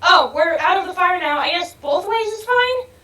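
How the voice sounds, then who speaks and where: A young woman giving let's-play commentary on a game, excitable, swearing freely and yelling and laughing as she plays. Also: very high voice, normal speed. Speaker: gaming video creator.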